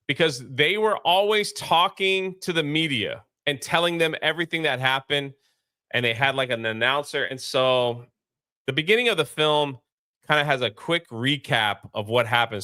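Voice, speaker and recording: A man's voice: fairly high pitch, bright, forceful tone, smooth, no echo, clean studio sound. A man co-hosting a casual movie review chat, talking in a rambling, laid-back way with many fillers. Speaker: co-host of a movie review show.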